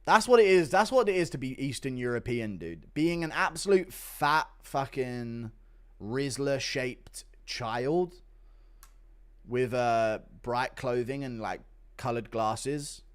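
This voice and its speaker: A young man chats on a livestream in a loud, crude, mocking way and laughs often. His pitch swings up and down as he talks. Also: expressive, takes it slowly, smooth. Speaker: livestream host reading donations. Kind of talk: casual livestream chat.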